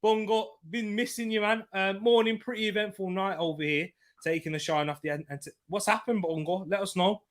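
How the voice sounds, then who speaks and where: A young man hosting a live football watchalong, commenting on play, reading viewer comments and shouting at referee calls. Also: sits high, fairly quick. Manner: shouts at referee decisions, then chats calmly with viewers.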